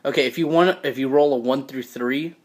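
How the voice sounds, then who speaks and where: A man's voice: medium pitch, brisk. A man narrating as game master of a tabletop game in a casual, swearing, easy-laughing way.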